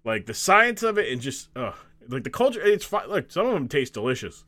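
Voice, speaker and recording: A man's voice: mid-range voice, very animated, fairly quick, sharp tone. Laughing man hosting a casual chat. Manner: jokey, laughs often, acts out silly voices. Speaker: podcast host.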